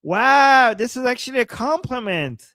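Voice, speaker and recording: A man from Iran co-hosts a casual live stream, often laughing and amused. He speaks slowly, and his voice is close and dry with no room sound. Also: very high-pitched, animated, bright, forceful tone, dry recording. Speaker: co-host.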